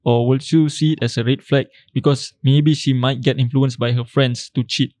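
A man's voice: mid-range voice, steady tone, normal speed, a little mellow, dry recording. A man, co-hosting a podcast and laying out a question in casual chat. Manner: thoughtful, explaining. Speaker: podcast co-host.

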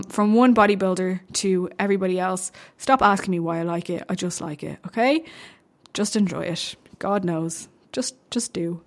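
A young woman talking alone into her podcast mic about her sport. She speaks casually and bluntly, swears freely and gets heated when she feels she has to justify herself. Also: mid-range voice. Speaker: podcast host and bodybuilding coach. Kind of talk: casual solo podcast chat.

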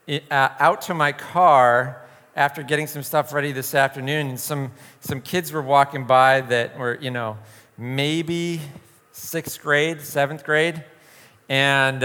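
A man's voice: mid-range voice, a bit bright, clean tone, in a large hall. A man leading an informal youth group talk, a joking storyteller who acts out quoted voices.

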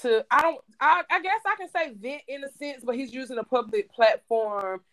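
Animated woman co-hosting a chat. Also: high voice, normal speed. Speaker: podcast co-host. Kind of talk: casual chat.

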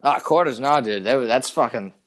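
A young man telling a story in casual chat, animated and profane, full of "dude" and "like". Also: mid-range voice, normal speed.

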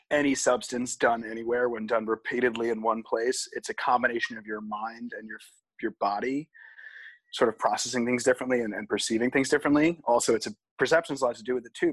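A man in his twenties, a podcast co-host telling stories in casual chat, animated and swearing freely. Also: mid-range voice, breathy edge, no echo, poor audio.

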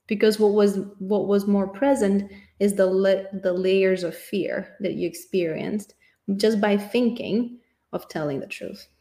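A woman's voice: medium pitch, steady tone, measured pace, dark tone. A woman speaking in an earnest, reflective personal monologue, thinking aloud as she goes. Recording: echoey room.

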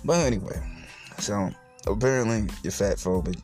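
A man's voice: on the low side, moderate pace, a little mellow, faint music behind. A young man hosting a solo podcast, telling stories in a swearing, laughing rant. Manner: profane, laughing storyteller. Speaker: podcast host.

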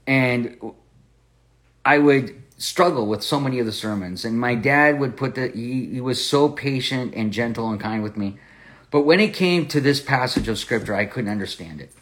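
A man of ordinary middle pitch hosts a Bible study podcast. He tells a personal story earnestly, often repeating and restarting his words as he goes. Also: normal speed, fairly bright tone. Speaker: podcast host and Bible teacher.

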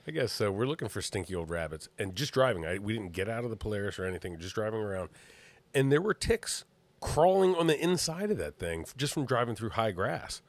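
Podcast co-host, man with a very deep voice that swings up and down a lot, relaxed and quick to laugh. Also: no room sound. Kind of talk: casual chat.

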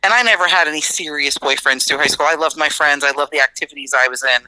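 Bright, blunt woman with a dry sound. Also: low voice, quick pace, no echo, rough recording. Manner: blunt, sarcastic and swearing freely. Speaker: podcast guest. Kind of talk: casual chat.

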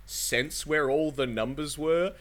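A man's voice: on the high side, slow pace, a bit bright. A man hosting a casual podcast, explaining game lore in a rambling way, full of fillers and the odd swear.

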